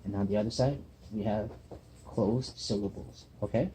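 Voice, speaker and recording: A man's voice: on the low side, moderate pace, warm tone, a little hiss or hum. A man, a student teacher, giving a patient one-on-one reading lesson and checking in often. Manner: patient, checks in with "okay?" and "right?". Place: table at the back of a busy classroom. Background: classroom chatter.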